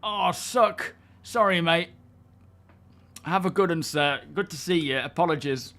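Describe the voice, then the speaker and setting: A man's voice: a little high, a little slow. Man chatting loosely at his gaming desk. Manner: rambling, relaxed, with many fillers; friendly, thanking viewers. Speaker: game livestreamer. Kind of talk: casual livestream chat.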